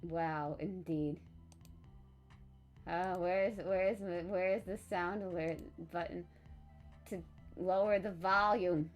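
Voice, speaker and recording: A tired woman streaming live, chatting casually in a rambling, low-key monotone. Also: slow pace, long pauses, faint music behind.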